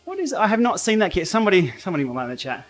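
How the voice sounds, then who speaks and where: A man hosting a casual cycling livestream from his home training room, blunt and outspoken, quick to laugh. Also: high-pitched, very animated, faint music behind. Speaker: cycling YouTuber and livestream host. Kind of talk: casual livestream chat while riding.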